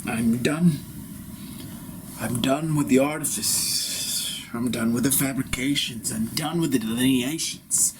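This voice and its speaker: A man's voice: medium pitch, a little slow, background noise, close to an everyday voice. A man playing a grandiose self-proclaimed ascended spiritual master in a solo improv, talking in a lofty, pompous way that drifts into whispers, recorded inside a vehicle. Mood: pleading. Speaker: improv performer.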